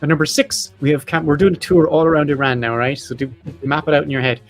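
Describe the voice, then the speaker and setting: A man's voice: a little high, fairly even intonation, fast, soft background music. A man hosting a podcast, reading off facts and lists in a casual chat with jokey asides. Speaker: podcast host.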